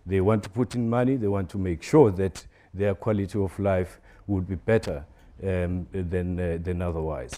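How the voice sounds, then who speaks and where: A man from a business chamber answering on a panel in a measured way, with many fillers. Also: low voice, fairly even intonation, dark tone. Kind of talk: panel discussion.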